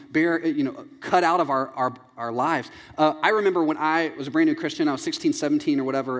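A man in his thirties preaching a sermon, animated and jokey, acting out little scenes as he tells them. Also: a little high. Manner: animated, jokey storytelling with acted-out quotes. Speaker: pastor. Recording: long reverb in a large hall.

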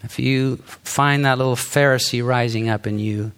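A man's voice: mid-range voice, steady tone, normal speed, a bit bright, clean tone. A middle-aged man preaching a sermon in an earnest, conversational way, with some fillers and restarts. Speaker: pastor.

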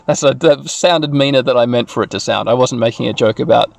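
A man's voice: mid-range voice, normal speed, creaky, no echo. A man casually narrating a video game aloud, rambling and correcting himself with chuckling asides. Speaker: host reading a game aloud for sleep. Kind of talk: casual let's-play narration.

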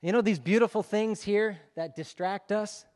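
A male pastor telling a lively story to his congregation during a sermon, in a conversational, animated way. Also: high voice, normal speed, long reverb tail. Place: church sanctuary.

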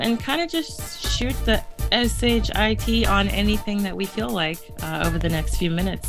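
A woman co-hosting a podcast in casual chat, talking in a chatty way with lots of fillers and frequent laughs. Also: on the low side. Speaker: podcast co-host.

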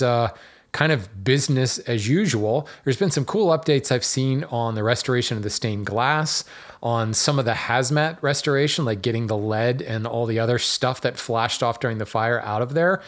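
A man hosts his own podcast in a relaxed, rambling solo talk, full of "um"s and wry asides at his own expense. His voice sits at an ordinary middle pitch for a man. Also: normal speed. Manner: chatty and digressive, with fillers and self-deprecating asides. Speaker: podcast host.

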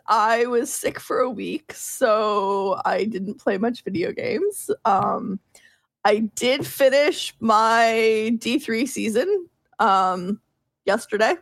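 Chatty, laughing higher-voiced woman. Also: takes it slowly, gravelly, dry recording, studio quality. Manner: laughs often, swears casually, animated storytelling. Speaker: podcast co-host. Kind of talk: casual gaming chat.

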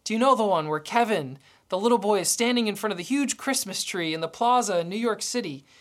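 A woman delivers a sermon in a storytelling way. Her voice sits at a middle pitch, and she voices the dialogue as she narrates. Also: animated, quick pace. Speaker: preacher.

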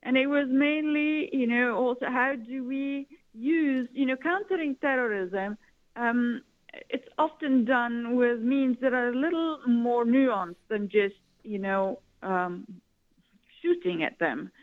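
A woman's voice: on the high side, slow. A woman from Italy, a guest advising governments, talking in a rambling way with many "you know" fillers. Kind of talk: conversational interview. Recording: tinny phone-like line.

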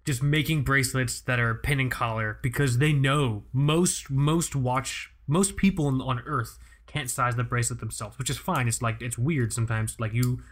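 A man's voice: medium pitch, normal speed, few pauses. A young adult man hosting a podcast, chatting casually and telling a story full of restarts. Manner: rambling, storytelling with many restarts. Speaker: podcast host. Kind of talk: casual chat.

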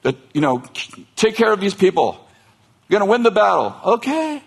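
A man delivers a sermon as loose, comic storytelling, full of asides, restarts and frequent laughter. His voice sits high for a man and is husky. Its pitch swings widely as he plays up the tale. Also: moderate pace. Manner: animated, joking, laughs often between lines. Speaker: pastor.

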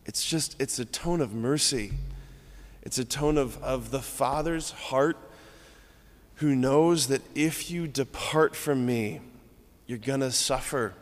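In a church, a Catholic priest gives an informal, conversational homily at mass, often checking in with "right?" and acting out scripture lines in different tones. His mid-range voice moves slowly and echoes through a large hall.

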